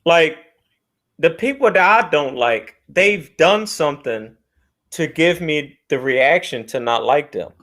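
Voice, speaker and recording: A joking, animated man co-hosting a casual podcast. His voice is bright and fairly high, and it swings widely in pitch. He laughs easily as he riffs. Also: takes it slowly. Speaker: podcast co-host. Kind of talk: casual banter.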